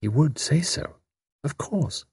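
A man's voice: on the high side, animated, slow pace, a little mellow, breathy edge, dry recording, studio quality, voice pushed up, exaggerated voice. A man voicing a worried motherly Englishwoman. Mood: hesitant. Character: middle-aged English woman, kindly, worried, mother.

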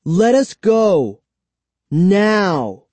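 Man doing a frantic, high young boy. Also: animated, moderate pace, warm tone, no room sound. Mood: defiant. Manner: high, urgent, pleading. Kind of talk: audiobook reading.

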